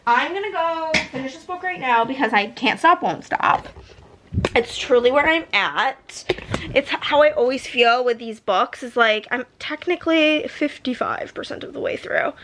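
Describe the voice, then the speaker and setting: Gushing woman vlogger with a high voice. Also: measured pace, fairly bright tone, slight background noise. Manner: gushing, peppered with "like". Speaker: book vlogger. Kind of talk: casual book review chat.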